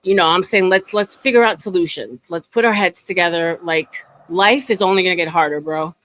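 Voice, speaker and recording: A woman's voice: lowish voice, fairly quick, a bit bright, no echo, poor audio. A woman in casual chat, telling a long story with many fillers and restarts. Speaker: streamer guest.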